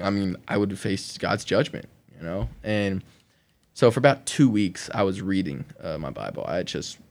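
A man from Oklahoma recounts his past in a loose, conversational podcast telling. His voice sits on the low side, and he rambles through fillers, often laughing between sentences. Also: creaky. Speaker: guest sharing his testimony.

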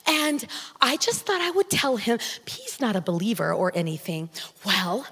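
A woman pastor preaching a sermon, telling a story with dramatic, animated delivery. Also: a little high, fairly quick, slightly rough. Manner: animated, dramatic retelling with acted-out prayers and voices. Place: church sanctuary. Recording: long church reverb.

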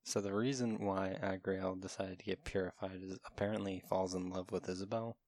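A man's voice: low-pitched, steady tone, brisk, darkish tone, dry recording. A man in casual chat, eagerly cutting in to explain game lore. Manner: eager, interjecting with lore details. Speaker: podcast co-host.

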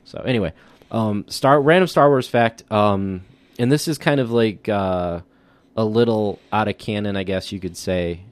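A man's voice: lowish voice, normal speed, no echo. A man co-hosting a podcast in casual chat, easygoing, full of "like" and "you know". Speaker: podcast co-host.

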